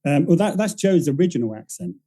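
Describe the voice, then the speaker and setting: Rambling man with a very dark voice. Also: on the high side, sing-song, brisk, poor audio. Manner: rambling, self-correcting storyteller who acts out quoted voices. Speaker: writer-director guest. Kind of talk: casual podcast interview.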